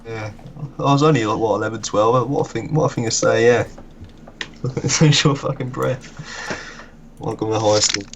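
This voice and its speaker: A man's voice: on the low side, steady tone, fairly quick, a little hiss or hum. A young man chatting casually, swearing and laughing at his own school stories. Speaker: streamer. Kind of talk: casual chat.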